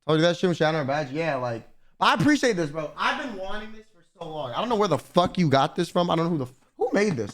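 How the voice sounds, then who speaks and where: A young man streaming, chatting casually and swearing, slangy and animated as he rants to his chat. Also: a little high, quick pace.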